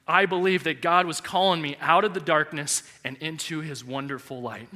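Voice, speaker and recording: A male pastor in his thirties preaching a sermon in a large church, telling a personal story with animated, heartfelt delivery. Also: a little high, normal speed, few pauses. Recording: echoey church hall reverb.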